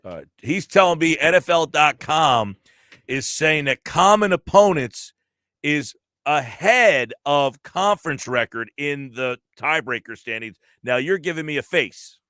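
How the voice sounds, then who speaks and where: Male radio host, higher-pitched and animated, dry close sound, thinks aloud. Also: measured pace, no echo. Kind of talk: live sports talk radio.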